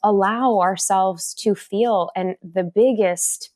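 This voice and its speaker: Animated middle-aged woman guest. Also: takes it slowly. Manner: animated, acts out inner voices in a higher pitch. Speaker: podcast guest, resilience author. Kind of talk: conversational interview.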